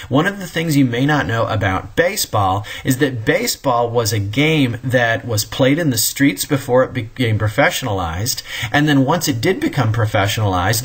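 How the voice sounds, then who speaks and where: A man's voice: medium pitch, fairly bright tone, slightly rough. A man giving a recorded history lecture in a conversational way, wandering into asides and correcting himself as he talks. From American Midwest. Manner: conversational, digressive, self-correcting.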